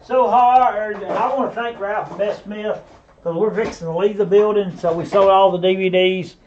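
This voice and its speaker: Southern guy auctioneer, high voice, folksy ramble, kinda muffled stream sound. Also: steady tone, moderate pace, a little hiss or hum. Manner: folksy, rambling, talks to viewers by name. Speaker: online auctioneer. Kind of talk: live-stream auction patter.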